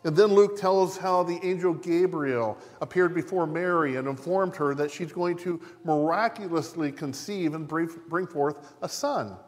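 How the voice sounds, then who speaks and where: A pastor giving a measured, deliberate sermon, repeating key phrases for emphasis. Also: male voice, fairly high pitch, big-room sound. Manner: measured, deliberate preaching with repetition.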